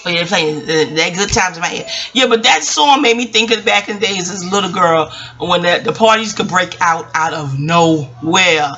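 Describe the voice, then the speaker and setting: A woman's voice: lowish voice, moderate pace, few pauses, lo-fi sound. A woman in her forties with a New York accent, rambling casually and profanely about her childhood and a book. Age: 40s. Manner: profane, animated storytelling with asides. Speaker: book reviewer.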